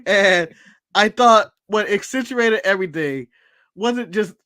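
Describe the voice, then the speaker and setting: A man's voice: sits high, slow, no echo. A man from the United States co-hosting a podcast, joking, mimicking people and laughing as he recaps wrestling. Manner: animated, joking, mimics people and laughs at his own bits. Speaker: podcast co-host. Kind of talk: casual wrestling recap chat.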